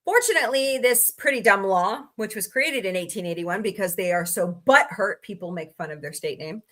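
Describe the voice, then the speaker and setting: A woman hosting a casual comedy livestream with a bright, forceful voice. Her delivery is sarcastic and wisecracking as she reads odd laws aloud. She keeps stopping to greet people in the chat by name. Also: mid-range voice, expressive, moderate pace. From United States.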